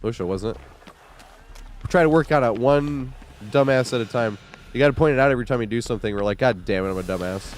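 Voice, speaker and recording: A man's voice: mid-range voice, quick pace, slight background noise. A man streaming a video game, talking loosely and profanely with his viewers, his voice weak and congested from a cold. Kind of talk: casual livestream chat while gaming.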